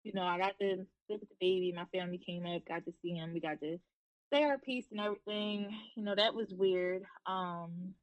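A woman's voice: lowish voice, steady tone, fairly quick, muffled recording. A woman in her thirties, a podcast guest, telling her own story frankly and bluntly with casual swearing. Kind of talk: candid personal storytelling.

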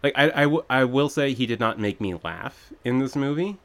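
A mid-range, animated voice at normal speed belongs to a podcast co-host casually breaking down a movie. He's wry and critical, drifting into rambling side comments.

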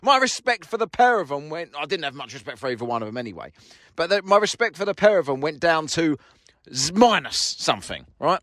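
A man's voice: on the high side, sing-song, a little fast, a bit bright, no room sound. A man telling a sweary, mocking story in a casual monologue from his parked car. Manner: sweary, mocking, acts out both sides of a quarrel. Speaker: podcast host.

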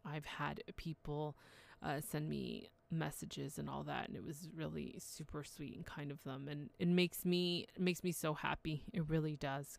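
A woman's voice: low-pitched, gravelly, dry recording. A woman podcast host talking in a chatty, heartfelt solo monologue.

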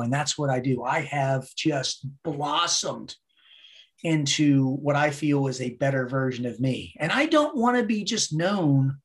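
Middle-aged man, guest storyteller; blunt, swears freely, animated, fairly high voice. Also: normal speed. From United States. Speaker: podcast guest. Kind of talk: casual storytelling interview.

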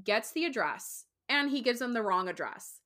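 A woman hosting a casual true crime podcast, telling the case in an animated way, with frequent swearing. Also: on the high side, moderate pace. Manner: animated, swearing, mimics people in quotes.

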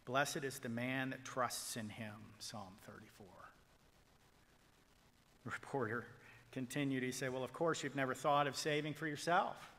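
A male pastor preaching a sermon, swinging from loud proclamation to hushed whispers as he retells a story and quotes people in it. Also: mid-range voice, steady tone, measured pace, in a large hall. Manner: quotes figures in a retold story.

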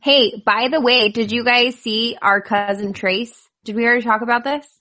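Bubbly young woman on a podcast, kinda high voice, says like constantly. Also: steady tone, normal speed, bright, forceful tone. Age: young adult. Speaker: podcast co-host. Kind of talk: casual chat.

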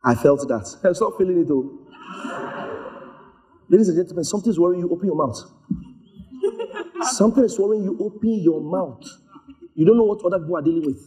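Animated high-voiced male preacher. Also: brisk, pauses often. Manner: animated storytelling, acts out voices. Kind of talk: sermon.

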